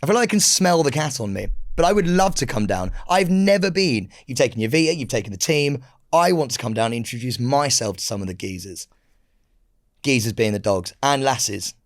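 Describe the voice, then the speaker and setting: A man's voice: medium pitch, expressive, a little fast, no room sound, clean studio sound. A man co-hosting a casual podcast, playful and joking, swearing freely. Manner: playful, swears freely, puts on silly voices. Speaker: podcast co-host. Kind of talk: casual banter.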